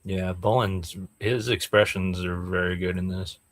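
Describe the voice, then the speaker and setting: A man's voice: sits low, steady tone, measured pace, dry recording. A man co-hosting a casual podcast, explaining details with enthusiasm and peppering his talk with "like" and "dude.". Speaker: podcast co-host. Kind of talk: casual comic-book discussion.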